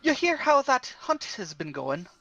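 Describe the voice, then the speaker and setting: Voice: sits high, sing-song, normal speed, sharp tone, no echo. A player in a tabletop game, bantering jovially in and out of character.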